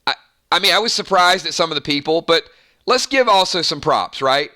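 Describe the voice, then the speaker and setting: A man from the Southern US hosting a live game stream, hyper and rambling with quick asides. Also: on the high side, lively intonation, bright, forceful tone. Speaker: game host.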